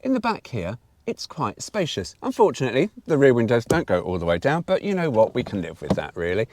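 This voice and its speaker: A man's voice: mid-range voice, big pitch swings, brisk, darkish tone, no echo. A middle-aged man, giving a chatty, blunt and opinionated car review walkaround with some mild swearing.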